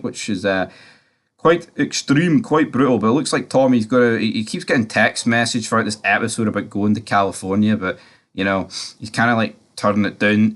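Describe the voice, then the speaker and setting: A man's voice: lowish voice, fairly bright tone. A man casually recapping a TV episode, rambling with lots of fillers and frequent swearing.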